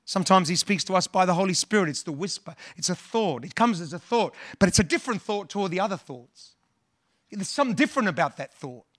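Brief: male pastor delivering a sermon, earnest, repeats himself, bright and forward tone. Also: high voice, expressive, quick pace, no echo, clean studio sound. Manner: earnest, repeats words, quotes scripture and hymns.

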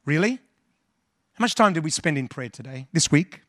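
High, bright-voiced preacher. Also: male voice, expressive, moderate pace, pauses often, no room sound, clean studio sound. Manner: earnest, repeats words, quotes scripture and hymns. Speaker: pastor. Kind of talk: sermon.

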